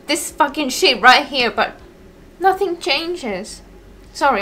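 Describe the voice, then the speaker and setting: A woman's voice: fairly high pitch, bright, forceful tone. A woman vlogger in a casual Q&A, rambling and swearing a lot, sounding mentally exhausted. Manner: rambling, full of "like", swears often. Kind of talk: casual ranting Q&A to camera.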